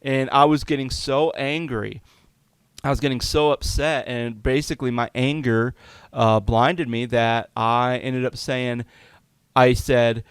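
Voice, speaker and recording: Smooth-voiced man telling a candid story. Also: medium pitch, fairly even intonation, a little slow, no echo. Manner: confessional, conversational, many fillers. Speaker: podcast host.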